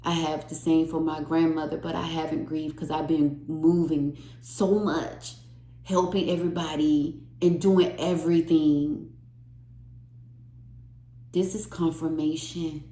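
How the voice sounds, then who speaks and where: Woman doing a tarot reading, slow and earnest, repeats stuff, kinda echoey room. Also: deep voice, little pitch movement, mellow. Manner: emotional, earnest, repeats phrases for emphasis. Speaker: tarot reader.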